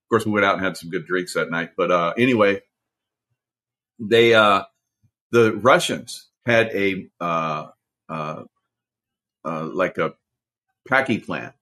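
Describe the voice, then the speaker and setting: An older man in his sixties with a slightly low voice tells stories from his military past in a loose, rambling monologue. He keeps stopping to restart his sentences and fills the gaps with "uh." He sounds casual, as if chatting with a friend. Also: a bit bright. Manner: rambling, frequent "uh" fillers and restarts. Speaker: commentator, former Navy SEAL.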